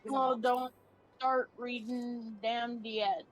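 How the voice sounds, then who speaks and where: High-voiced woman streaming a game. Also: lively intonation, a little slow, low-quality recording. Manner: blunt, swears freely. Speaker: co-streamer playing an online game. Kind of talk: casual game stream chat.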